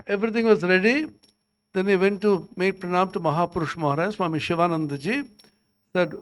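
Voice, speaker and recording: A man with a notably high voice tells a short spiritual anecdote in conversation. His delivery is animated and story-like. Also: a little fast.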